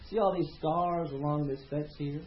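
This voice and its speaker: A preacher voicing a patient father in a story, speaking quietly and calmly to teach his young son a lesson. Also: a little high, moderate pace, a little hiss or hum, pitched below the performer's own voice, lightly acted. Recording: roomy, slightly dull sound.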